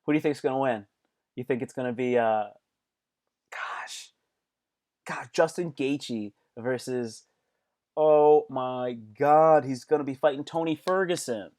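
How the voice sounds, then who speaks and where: A man hosting a casual live stream as a comedian, talking to viewers by name in an animated, repetitive way, swearing freely. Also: medium pitch, a little slow, pauses often.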